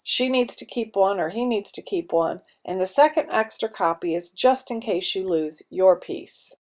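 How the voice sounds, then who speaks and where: A woman teacher giving students an instructional talk on contest rules, laying out each judging criterion clearly and step by step. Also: mid-range voice, normal speed, a little mellow. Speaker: school teacher explaining a speech contest. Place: school media center.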